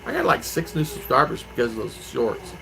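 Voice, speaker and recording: A man's voice: medium pitch, sing-song, fairly quick, creaky, music in the background, rough recording. A man from Arizona, hosting a casual live stream and answering viewer comments in a rambling, chatty way. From Arizona, USA.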